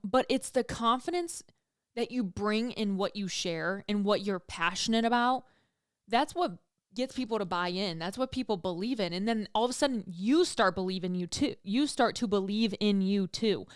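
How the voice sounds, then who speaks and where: A woman's voice: mid-range voice, clean tone, dry recording, clean studio sound. A young woman hosting her own podcast, talking candidly and casually, swearing freely and laughing at herself, pregnant and feeling emotional. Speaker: podcast host. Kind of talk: casual solo podcast chat.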